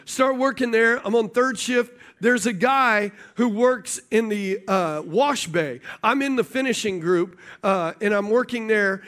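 A middle-aged man preaching a sermon, telling a personal story and calling out questions to the congregation. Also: sits high. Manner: storytelling preacher, animated, asks the audience questions. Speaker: pastor.

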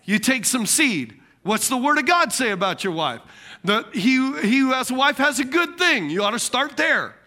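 A man delivers a lively sermon in a high, bright voice. He acts out the people he quotes and laughs at his own asides. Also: normal speed. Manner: animated preaching, quotes imagined people, laughs at himself. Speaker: pastor.

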